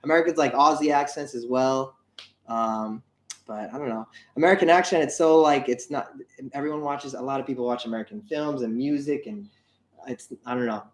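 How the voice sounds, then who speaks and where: A man's voice: mid-range voice, brisk. Upbeat chatty man in an echoey room. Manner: upbeat, rambling, reads chat aloud. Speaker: livestream co-host. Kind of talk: casual livestream chat.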